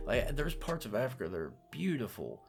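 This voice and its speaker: A man's voice: mid-range voice, sing-song, fairly quick, vocal fry, over music. A young man with a Southern US accent, co-hosting a podcast in casual, profane, rambling chat. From North Carolina, USA. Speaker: podcast co-host.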